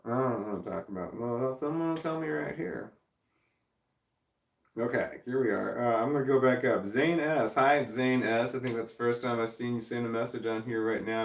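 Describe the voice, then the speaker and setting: An American man hosting a casual livestream, reading viewer comments aloud and rambling, thinking out loud and trailing off. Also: medium pitch, roomy sound, recorded from a distance. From United States. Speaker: livestream host.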